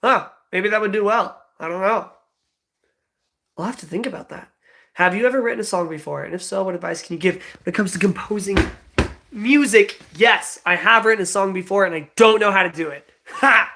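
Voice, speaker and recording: Young man, twenties, livestream host, rambling casual chat, giggly, gravelly fry. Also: high-pitched, brisk, sharp tone. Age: 20s. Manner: rambling, giggly, lots of fillers.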